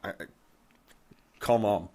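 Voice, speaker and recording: A man's voice: slow, mellow. A man co-hosting a podcast who tells a ghost story in a rambling, casual way and swears freely. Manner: profane, rambling. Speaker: podcast co-host.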